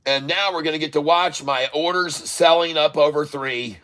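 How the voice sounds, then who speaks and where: Bright-voiced excitable trading streamer man. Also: on the high side, moderate pace, hardly any pauses. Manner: excitable, coaching viewers, repeats prices aloud. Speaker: day-trading livestream host. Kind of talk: live trading commentary.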